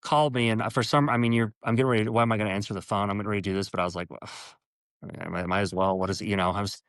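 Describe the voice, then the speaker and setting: A man as an interview guest telling a personal story earnestly, halting and restarting, and acting out quoted dialogue with his voice jumping up in pitch. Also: steady tone, a bit bright, clear, resonant tone, no echo.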